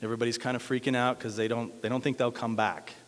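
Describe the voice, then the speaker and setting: A man's voice: medium pitch, flat delivery, fast talker. A man from Denver telling a myth at a cafe open mic, hesitant with many fillers. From Denver, USA. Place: cafe event room. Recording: echoey hall.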